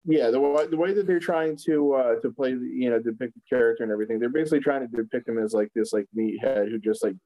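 A man's voice: medium pitch, fast talker, hardly any pauses, dull audio. Chatty man on a phone mic. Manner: loose, filler-heavy retelling of TV scenes. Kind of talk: casual chat.

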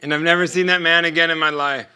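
Guest preacher, male, middle-aged: high, very bright voice, animated storyteller. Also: quick pace, clean tone. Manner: animated storytelling with laughter and quoted dialogue. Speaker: guest speaker. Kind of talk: sermon storytelling.

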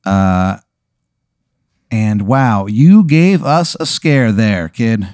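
A man's voice: lowish voice, expressive, extremely slow, darkish tone, no echo, clean studio sound. A man playing an oily, patronizing male hospital doctor who talks down to his patient. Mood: smarmy.

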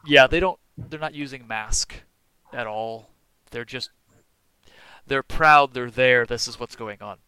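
A man runs a tabletop roleplaying session with a bright, crisp voice. His delivery is relaxed and chatty, full of joking asides. The sound is dry and close. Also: medium pitch, a little slow, dry recording, rough recording. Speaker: game master. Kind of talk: narrating a tabletop game.

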